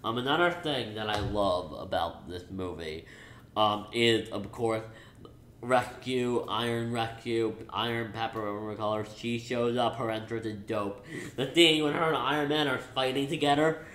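A young man rambles excitedly through a casual review, restarting his sentences and piling on fillers. His voice is bright and forceful, and it rings off the walls of an echoey room. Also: medium pitch, moderate pace, slight background noise. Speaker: movie reviewer. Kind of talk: casual spoiler review vlog.

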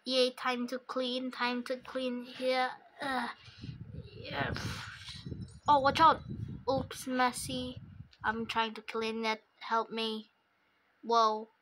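Slow, hesitant woman commenting on a game. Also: a little high, monotone, a bit bright, slight background noise, poor audio. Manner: hesitant, lots of fillers, slow.

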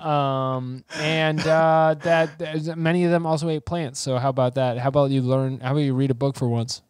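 A man co-hosting a comedy podcast in casual, excitable, jokey chat. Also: mid-range voice, moderate pace, clean tone, no room sound, studio quality. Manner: excitable, jokey, plays soundboard clips. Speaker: podcast co-host.

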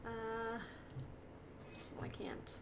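A young woman with a high voice talks her way through a video game as its host. She laughs often, gets emotional and talks straight to her characters. A faint ambient noise sits under the recording. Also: monotone, drawn-out words. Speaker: gaming channel host. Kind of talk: let's-play commentary.

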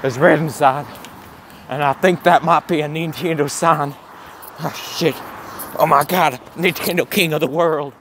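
A man doing a comedic walking vlog outdoors, gasping and swearing in awestruck excitement. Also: a little high, measured pace, background noise. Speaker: comedic vlogger in character. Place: outdoors, walking around a campus. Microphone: handheld camera.

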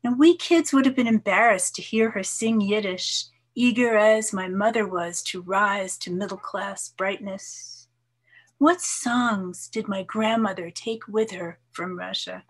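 Older woman reading poetry, measured. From New York, USA. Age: 70s. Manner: measured, expressive reading, soft voice dropping low on some lines. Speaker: poet. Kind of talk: poetry reading with casual asides.

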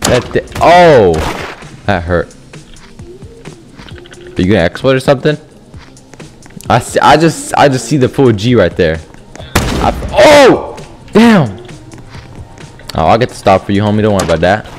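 A man giving animated gameplay commentary over voice chat, swinging between mumbled asides and loud yelling. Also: lowish voice, normal speed, pauses often, soft background music. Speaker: gaming YouTuber.

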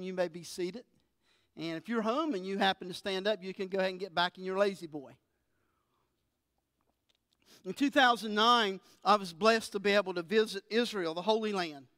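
A woman pastor preaching a sermon and reading scripture with expressive emphasis, in a church sanctuary with a few people present. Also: medium pitch, fairly quick, no echo, studio quality, big-room sound. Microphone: filmed for an online service.

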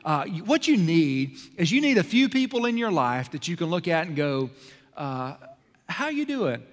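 A man preaching a sermon as pastor, swinging between loud emphasis and hushed, quiet passages. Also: on the high side, big pitch swings, moderate pace. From American South. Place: church sanctuary. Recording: long hall reverb in a church sanctuary.

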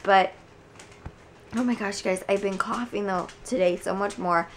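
A young woman vlogging casually at home, hoarse from a cold and chatting with lots of fillers. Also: mid-range voice, steady tone, a little slow, a little hiss or hum. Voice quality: gravelly. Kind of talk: casual chat to camera.

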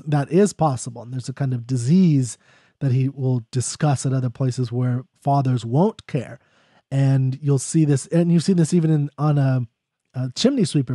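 Mellow-voiced man explaining a poem. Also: medium pitch, no echo, clean studio sound. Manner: conversational, thinks aloud, reads verse lines slowly. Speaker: poetry explainer. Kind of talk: casual spoken lecture on a poem.

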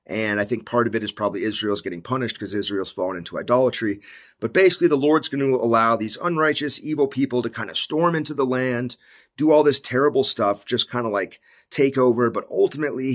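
A man talking through a book of the Bible in a casual, laid-back way, full of "like" and "basically". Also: mid-range voice. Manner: slows down when reading old scripture aloud. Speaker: Bible commentator. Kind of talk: casual Bible study talk.

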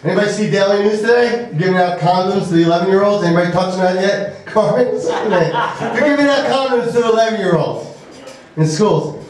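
A high-voiced man working through a stand-up set, rambling and halting with plenty of fillers. The sound is very echoey, with the mic some way off from him in a small club. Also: a crowd in the background. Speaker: stand-up comic. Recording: echoey room from far off.

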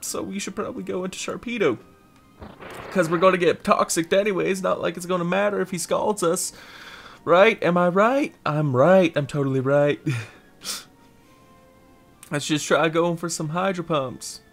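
A man's voice: high-pitched, normal speed, creaky, pauses often, faint music behind. A man giving casual, rambling let's-play commentary over a game, giggling and repeating a silly catchphrase. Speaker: gameplay commentator.

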